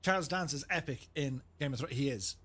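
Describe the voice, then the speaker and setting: A man's voice: mid-range voice, a little fast, a bit bright, slightly rough. An Irish man streaming a game, chatting casually and joking about impressions, laughing often. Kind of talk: casual live-stream chat.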